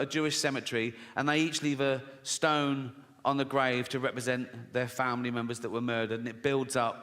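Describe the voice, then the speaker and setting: A man's voice: mid-range voice, fairly bright tone. A man doing a stand-up routine, telling stories in a profane, sardonic way and acting out the voices. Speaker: stand-up comedian. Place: theater stage. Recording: live in a large reverberant hall with faint noise. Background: audience laughter.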